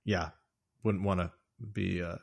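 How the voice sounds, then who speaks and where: A man hosting a podcast, casually discussing a film with animated storytelling. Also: low voice, a little slow, creaky. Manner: animated storytelling, acts out quotes. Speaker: podcast host.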